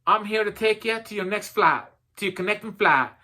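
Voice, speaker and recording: A sweet, motherly Southern airline worker who calls everyone honey and sugar, pitched well above the speaker's usual voice in a friendly lilt, as a man puts her on in his story. The accent is a rough, playful imitation, bright and forward in tone. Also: a little fast. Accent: Southern US, put on.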